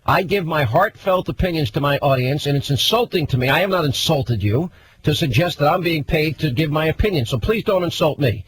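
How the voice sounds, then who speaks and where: A man's voice: a little high, lively intonation, a little fast, low-quality recording. Combative TV host, pressing man. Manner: pressing, interrupting, demands yes or no. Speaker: TV host, interviewer. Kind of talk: combative TV interview.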